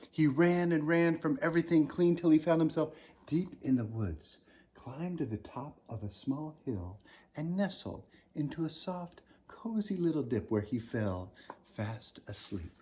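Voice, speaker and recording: A male children's author reads a picture book aloud, telling the story with animation as his pitch and volume swing widely and sometimes fall to a whisper. His voice carries a breathy edge.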